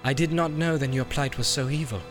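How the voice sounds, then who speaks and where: A man's voice: medium pitch, brisk, over music, voice pushed up, close to an everyday voice. A man reading an audiobook, voicing a proud, wise elf lord who speaks sternly and formally.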